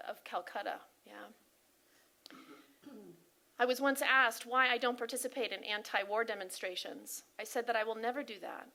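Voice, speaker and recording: A woman with a slightly high voice delivers an inspirational talk at a spiritual service. She speaks with earnest, animated emphasis and keeps turning to her listeners with questions. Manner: earnest, often questions the audience. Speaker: spiritual practitioner giving a talk.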